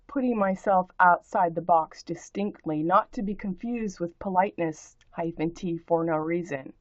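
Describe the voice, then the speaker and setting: A woman's voice: lowish voice, a little slow, lo-fi sound. A woman in a ranting monologue aimed at a commenter, spelling out words letter by letter, rhyming in playful wordplay and swearing freely. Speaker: vlogger answering a commenter.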